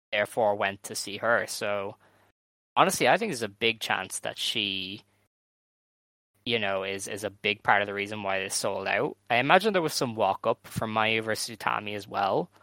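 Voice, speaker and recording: A man co-hosting a casual podcast, talking in a measured way with frequent "um"s as he goes over details. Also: lowish voice, bright, forceful tone, dry recording. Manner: measured, many "um"s, runs through show details. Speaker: podcast co-host. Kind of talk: casual chat reviewing wrestling shows.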